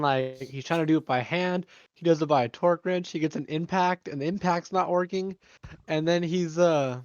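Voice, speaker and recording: A man chatting with his tabletop group, telling stories with animated retellings and jokes. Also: on the high side, no room sound, muffled recording. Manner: animated storyteller, tells jokes in a mock voice. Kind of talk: casual chat among tabletop players.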